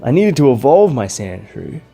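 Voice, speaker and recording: A man's voice: medium pitch, very animated, normal speed, warm tone, breathy edge, faint music behind. A man hosting a casual countdown vlog, chatting with fan enthusiasm. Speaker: YouTuber.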